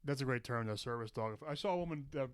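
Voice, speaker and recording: A man's voice: medium pitch, animated, quick pace, smooth, no echo. A man co-hosting a comedy podcast, agreeing, laughing and riffing in casual chat. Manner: agreeable, laughing, riffs on jokes. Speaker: podcast co-host.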